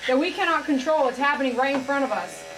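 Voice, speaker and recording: Woman groomer, earnest casual vlog talk, higher voice, clipper noise behind. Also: big pitch swings, quick pace. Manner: emotional, heartfelt, says "man" often. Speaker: dog groomer. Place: grooming salon.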